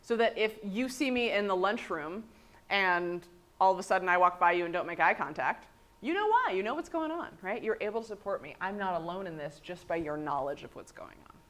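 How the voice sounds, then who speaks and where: Animated woman leading a workshop. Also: medium pitch. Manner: lively, animated, often says "right?". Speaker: trainer. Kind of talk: workshop presentation.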